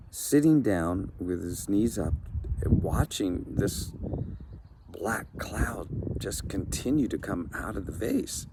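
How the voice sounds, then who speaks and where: A low-voiced man tells a folk tale at an unhurried, easy pace, with a gravelly texture to his voice. He sounds conversational, filling gaps as he goes, over steady background noise. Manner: relaxed, conversational, with fillers. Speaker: storyteller. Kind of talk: improvised story narration.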